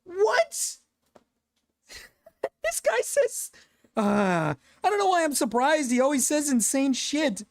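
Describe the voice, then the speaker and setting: A woman's voice: sits high, very animated, slow, pauses often. A woman streamer giving casual reaction commentary, rambling and profane, laughing often.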